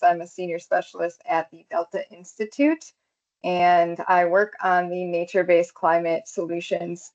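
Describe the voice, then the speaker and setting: A woman's voice: on the low side, darkish tone. A woman opening a presentation as project coordinator over a video call, upbeat and enthusiastic. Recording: muffled video call audio.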